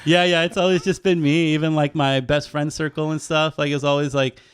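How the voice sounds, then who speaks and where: Man, slightly higher voice, relaxed storyteller, swears a lot, dry close mic. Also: fairly quick, clean tone, no echo. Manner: laid-back storyteller, laughs often, swears freely. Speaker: podcast guest, fishing guide. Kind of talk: casual podcast chat.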